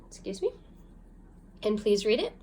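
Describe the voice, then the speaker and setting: A woman's voice: a little high, mellow. A woman teaching a phonics lesson, patiently guiding learners step by step through reading syllables aloud. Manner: patient, guiding, gives clear step-by-step instructions. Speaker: language teacher.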